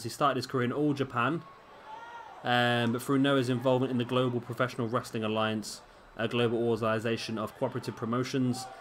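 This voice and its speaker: A man's voice: medium pitch, fairly bright tone, a little hiss or hum. A man giving casual, rambling play-by-play commentary over a video game, often questioning himself aloud. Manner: rambling, self-questioning, chatty.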